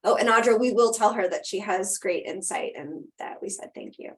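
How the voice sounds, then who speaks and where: A woman's voice: medium pitch, a little fast. A woman presenting a live webinar over a video call, answering questions and wrapping up in a conversational way with frequent ums.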